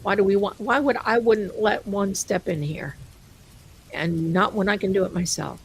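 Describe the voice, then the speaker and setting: A woman's voice: mid-range voice, moderate pace, a little hiss or hum, rough recording. A woman hosting a live stream, chatting casually and rambling, amused by her own jokes and calling viewers her darlings. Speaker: livestream host.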